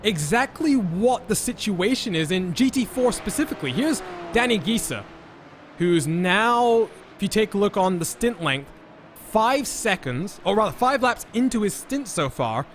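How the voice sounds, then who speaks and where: A man calling live sim racing as lead commentator, with energetic play-by-play that he hands over to his co-commentators. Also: sits high, a little slow, slight background noise.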